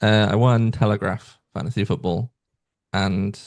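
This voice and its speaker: A man guesting on a podcast, talking in a casual, animated and self-deprecating way. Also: lowish voice, unhurried.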